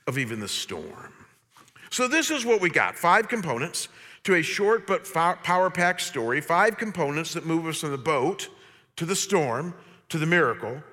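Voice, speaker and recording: Animated preacher man in a reverberant hall. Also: high-pitched. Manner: animated, humorous, addresses congregation directly. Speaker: pastor. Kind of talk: sermon. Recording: long reverb of a large hall.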